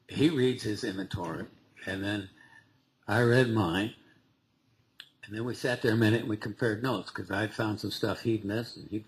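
Low-voiced man telling his recovery story. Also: low-quality recording. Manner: halting, conversational, with frequent restarts and small laughs. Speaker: recovery meeting speaker. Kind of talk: personal recovery story told to a group.

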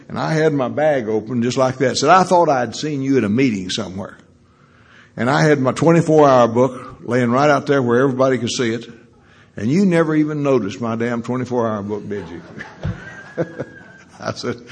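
Husky older man telling stories. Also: medium pitch. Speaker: lawyer; recovering alcoholic sharing at a meeting. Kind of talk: folksy anecdotal storytelling.

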